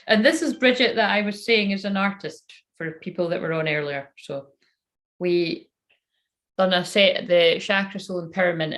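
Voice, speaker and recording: Chatty, swearing woman with a low voice. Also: unhurried, pauses often, fairly bright tone. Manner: chatty, self-mocking, swears freely; mutters and whispers to herself while fiddling with the phone. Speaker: psychic tarot reader live-streaming. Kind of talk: casual live-stream chat.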